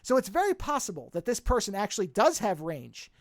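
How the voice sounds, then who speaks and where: A podcast co-host in casual chat, talking in an animated, rambling way with frequent restarts. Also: medium pitch, brisk, no echo, clean studio sound.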